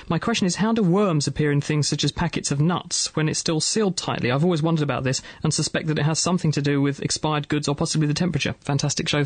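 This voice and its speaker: A man hosting a radio science show in a dry studio. He talks fast in a slightly high voice, quick and jokey with his guests. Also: no room sound. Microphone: studio mic.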